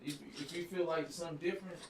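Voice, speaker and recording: A man guesting on a live stream, talking in an animated, emphatic, slangy way. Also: on the high side, fast talker, far from the mic, background noise. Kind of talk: casual live-stream chat. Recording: roomy sound from off-mic.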